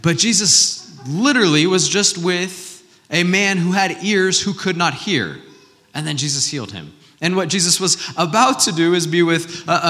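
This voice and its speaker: A man in his thirties delivering a church sermon in a bright, forceful voice. He talks in a loose, conversational way and throws rhetorical questions at the congregation. The sound carries a long reverb from the church hall. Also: high voice. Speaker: pastor.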